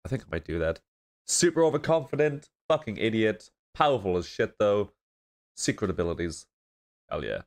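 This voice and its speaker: A man from northeast England talks in a very low voice, stuffy with a blocked nose. He rambles casually, laughs often and swears freely while reacting to a show. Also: expressive, a little fast.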